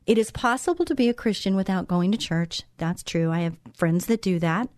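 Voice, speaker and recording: A woman's voice: on the low side, expressive, fairly quick, darkish tone, no room sound, studio quality. A woman hosting a Christian talk show, speaking in an encouraging, conversational way and repeating phrases for emphasis. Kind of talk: devotional talk show monologue.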